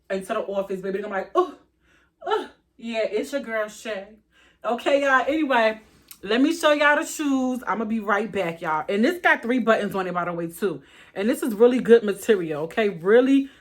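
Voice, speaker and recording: A woman hosting a casual fashion haul vlog, animated and talking straight to her viewers, tired and a bit out of breath. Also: mid-range voice.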